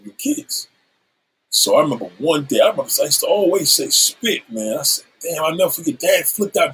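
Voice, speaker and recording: A man's voice: fairly high pitch, a bit bright, low-quality recording. A middle-aged man candidly telling a story from his past, swearing freely and acting out the lines he quotes. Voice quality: husky.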